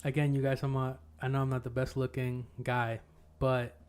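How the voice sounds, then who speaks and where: A man's voice: medium pitch, flat delivery, normal speed, darkish tone, clear, resonant tone. A man in his thirties hosting a casual chat, telling crude stories with lots of swearing and laughter. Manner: profane, laughs through his own stories. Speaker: podcast host.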